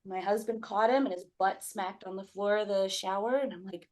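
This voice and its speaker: A woman's voice: mid-range voice, normal speed, a bit bright. A woman telling a personal story as a podcast guest, casual and candid, swearing freely and acting out her own past remarks.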